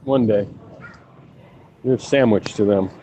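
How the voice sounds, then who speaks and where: A man's voice: lowish voice, a little slow, warm tone, poor audio. Profane, joking man in voice chat. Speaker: gaming lobby regular. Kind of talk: casual gaming voice chat.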